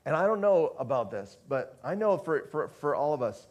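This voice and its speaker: A man's voice: on the high side, sing-song, normal speed, darkish tone, highs cut off. A man preaching a conversational sermon to a congregation, often restarting phrases and asking the listeners questions. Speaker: pastor.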